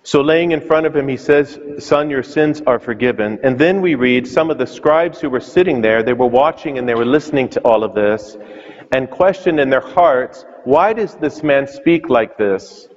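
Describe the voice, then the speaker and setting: A man's voice: mid-range voice, normal speed. A man preaching a sermon as a priest, telling the story with questions to the listeners. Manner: storytelling, asks questions aloud. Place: church. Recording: muffled reverberant church sound.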